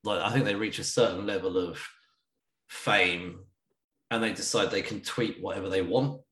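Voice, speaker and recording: A man's voice: deep voice, normal speed, a bit bright, roomy sound, poor audio. A man co-hosting a podcast, chatty and laughing often, with lots of "like" fillers. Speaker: podcast co-host. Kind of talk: casual chat.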